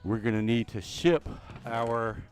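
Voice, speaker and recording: A man's voice: mid-range voice, measured pace. A middle-aged man hosting a casual gaming stream, chatty and joking, with lots of fillers. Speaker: streamer and host.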